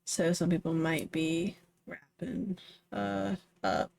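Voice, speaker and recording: A woman's voice: on the low side, steady tone, takes it slowly, creaky, darkish tone. A woman from the Southern United States streaming live, chatting casually in a meandering way with many fillers. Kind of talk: casual chat.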